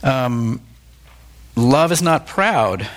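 A man's voice: mid-range voice, lively intonation, extremely slow. A middle-aged man, a pastor, giving a candid, plain-spoken, conversational sermon with self-deprecating asides.

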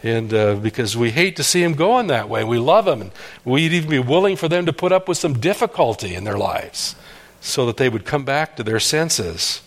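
Earnest pastor preaching with pleading intensity. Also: male voice, expressive, moderate pace. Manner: earnest, pleading, rising to emphatic cries and dropping to hushed lows. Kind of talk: sermon.

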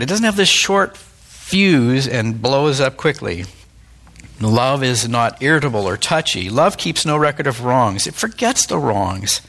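A man's voice: medium pitch, gravelly, fairly bright tone. A middle-aged man, a pastor, giving a candid, plain-spoken, conversational sermon with self-deprecating asides.

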